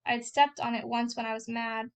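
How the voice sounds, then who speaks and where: A woman's voice: on the high side, completely flat delivery, moderate pace, clean tone. A woman reading a first-person novel aloud in a plain storytelling way. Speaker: reader.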